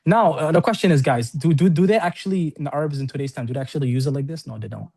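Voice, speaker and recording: A man teaching an Arabic class, talking fast in a slightly high voice. He keeps checking in with his students as he explains each example. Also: vocal fry, warm tone. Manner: quick, repetitive explaining with many checks like "right?". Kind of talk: classroom lesson. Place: classroom with students on-site and online.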